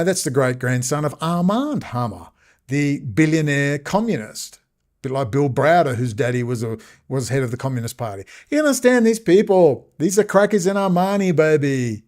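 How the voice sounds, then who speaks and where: A man ranting sarcastically in a rambling video commentary. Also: medium pitch.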